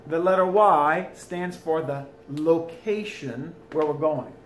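A fairly high-voiced man walks through a French lesson at home, chatty and folksy. A faint hiss of background noise sits under his voice. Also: slow pace. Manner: chatty, folksy asides between explanations. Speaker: French teacher. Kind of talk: recorded video lesson. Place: home, during school closure.

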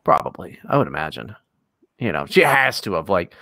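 A man's voice: fairly low pitch, very animated, a little fast, vocal fry, sharp tone, no room sound. An American man co-hosting a podcast, talking in a casual, profane and sarcastic way with lots of fillers. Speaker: podcast co-host. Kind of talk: casual chat.

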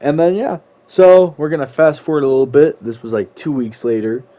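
A man's voice: on the high side, animated, fairly quick, warm tone. A young man casually telling a story as a vlogger, slangy and rambling, with sudden exasperated outbursts. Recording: slightly muffled lo-fi recording.

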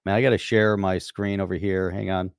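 Man, from the US, low-ish pitch, relaxed live-stream co-host, laughs a lot, dry room. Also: brisk, clear, resonant tone, dry recording. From United States. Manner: easygoing, laughs often. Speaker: podcast co-host. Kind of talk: casual live-stream chat.

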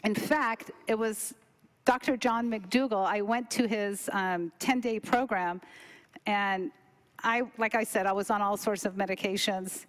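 A woman's voice: mid-range voice, fairly even intonation, unhurried. A middle-aged woman telling a story casually, acting out quoted dialogue with big jumps in her voice. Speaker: cooking demo presenter.

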